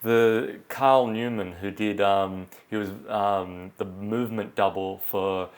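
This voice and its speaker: A man's voice: fairly low pitch, fairly even intonation, slow pace. A man hosting an interview, chatting casually and agreeably. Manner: agreeable, lots of yeahs and restarts. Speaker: podcast host.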